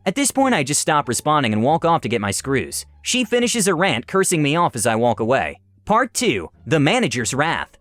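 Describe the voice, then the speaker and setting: A male narrator telling stories with a very animated, swooping delivery. His voice is slightly higher than average. It is a dry, close recording with faint music underneath. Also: moderate pace, hardly any pauses, no echo. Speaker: story narrator. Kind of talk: storytelling narration.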